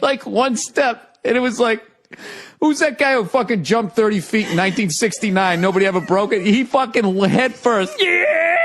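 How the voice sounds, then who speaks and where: A man's voice: high-pitched, fairly bright tone. A man hosting a podcast, telling a story in casual chat, laughing through it, swearing freely and acting out the sounds. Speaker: podcast host.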